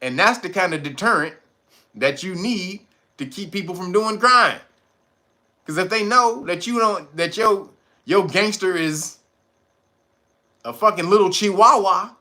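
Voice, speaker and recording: A man's voice: sits high, a little slow, long pauses, pushed and bright. A man hosting a casual livestream, talking in profane street slang, laughing often and answering his viewers' chat. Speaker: livestream host.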